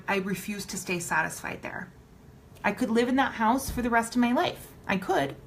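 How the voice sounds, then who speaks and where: Woman, bright ringing voice, motivational live stream, blunt, preachy, casual swearing, faint room ambience. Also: medium pitch, slight background noise, low-quality recording. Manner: preachy, repeats points for emphasis. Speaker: motivational speaker.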